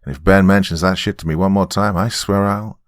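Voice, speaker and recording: Scoffy flustered dad, as a narrator puts him on, stammers, dry close voice. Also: male voice, deep voice, steady tone, fairly quick, no room sound, lightly acted. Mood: scoffing. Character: dismissive, defensive middle-aged father.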